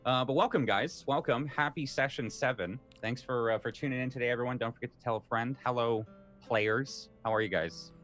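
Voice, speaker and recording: A man's voice: mid-range voice, soft background music. A man with the flu, a game master casually chatting and laughing with his players before a livestreamed tabletop session. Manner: chatty, animated, quick to laugh. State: sick with flu.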